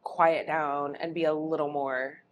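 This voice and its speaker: Low-voiced woman telling animated stories. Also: measured pace. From Phoenix, Arizona. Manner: animated storytelling, acts out quoted men, laughs often. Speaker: guest artist. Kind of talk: casual interview chat.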